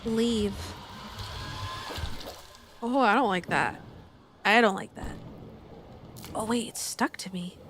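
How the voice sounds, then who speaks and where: A woman's voice: mid-range voice, slow pace, pauses often, background noise. A young woman streaming a game, chatting casually, telling jokes, swearing, and breaking into squeals and giggles. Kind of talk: casual gameplay commentary.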